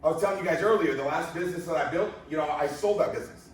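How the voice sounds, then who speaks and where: A man's voice: a little high, very fast, a little hiss or hum. A man giving a motivational sales presentation, asking the crowd rhetorical questions and telling stories with energy. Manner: rhetorical questions, animated storytelling. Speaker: business presenter. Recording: echoey room from far off.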